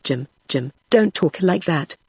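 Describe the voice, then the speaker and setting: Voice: mid-range voice, expressive, slow pace, darkish tone, slightly rough, no echo, studio quality, exaggerated voice. A text-to-speech voice reading the lines of an earnest, anxious young adventurer. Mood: urgent.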